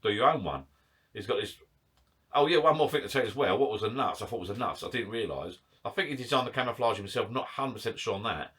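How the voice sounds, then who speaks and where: A man's voice: lowish voice, expressive, fast talker, a bit bright, husky. A man chatting casually to camera in his garden shed bar, rambling, self-mocking and a little out of breath. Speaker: vlogger.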